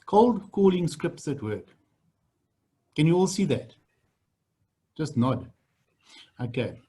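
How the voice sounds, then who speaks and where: A man's voice: a little high, sing-song, slow pace, mellow, husky. A man running a sales training on a video call, blunt and repetitive. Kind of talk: online training session.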